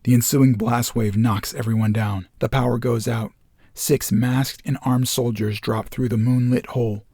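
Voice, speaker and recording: A man reading a screenplay aloud as narrator, steady and matter-of-fact. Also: mid-range voice, moderate pace, slightly rough, no room sound, studio quality.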